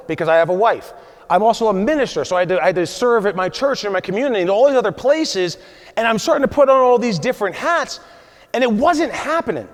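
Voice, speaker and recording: A man in his forties giving an emphatic motivational keynote at a conference, often checking in with the audience with "right?". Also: high-pitched. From USA. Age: 40s. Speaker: conference speaker. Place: large conference hall. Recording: long hall reverb.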